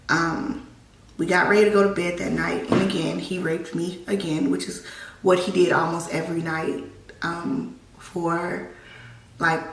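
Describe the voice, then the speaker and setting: A young woman telling a personal story on her vlog, halting and emotional with many restarts, holding back tears. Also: lowish voice, fairly bright tone, distant mic, a little hiss or hum. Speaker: vlogger. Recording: echoey room, voice a bit off-mic.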